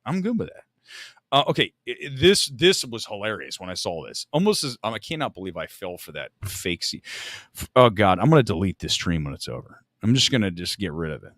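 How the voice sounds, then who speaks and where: A man's voice: fairly low pitch, very animated, a little fast, a bit bright, no echo, clean studio sound. A man hosting a live movie talk stream, rambling and joking at his own expense in casual chat on a desk microphone. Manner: rambling, joking and self-mocking.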